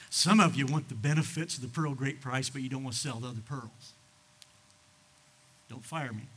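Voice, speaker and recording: An older man, a pastor, preaching a sermon in a folksy storytelling manner, dropping to quiet asides and rising to loud, emphatic bursts. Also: mid-range voice, breathy edge.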